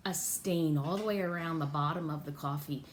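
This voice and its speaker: A woman reading a picture book aloud to children, playful and animated, with sing-song exclamations. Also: deep voice, moderate pace. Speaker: children's storyteller. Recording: echoey room with faint background noise.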